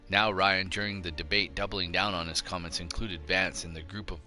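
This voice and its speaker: Deep-voiced man ranting bluntly. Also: fairly even intonation, fairly quick, bright, forceful tone, faint music behind. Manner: blunt, combative, preachy. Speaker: show host. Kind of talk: ranting opinion monologue.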